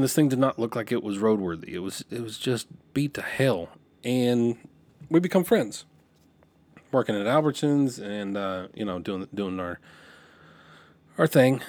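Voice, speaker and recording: Speaking at medium pitch and a little slowly, a middle-aged podcast host tells a meandering story from when he was young, captured in a dry recording. He backtracks and restarts sentences, turning lively when he quotes people.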